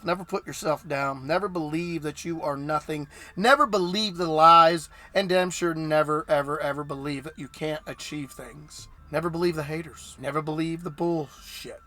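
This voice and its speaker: A man's voice: a little high, sharp tone, no room sound. A man hosting his own show, giving an emphatic, preachy solo monologue that keeps repeating words for effect. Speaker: podcast host.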